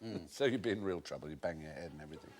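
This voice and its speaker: A man's voice: deep voice, racing, very noisy. A middle-aged man hosting a quiz panel show and explaining odd facts with learned relish. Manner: erudite, lively explainer.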